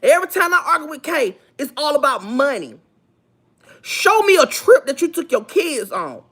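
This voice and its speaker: A woman speaking on a gossip livestream with a noticeably high voice. She lectures her viewers in a preachy, insistent way and circles back to repeat each point for emphasis. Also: sing-song, moderate pace, a bit bright. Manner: preachy, repetitive, emphatic, asks for amens. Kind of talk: livestream commentary.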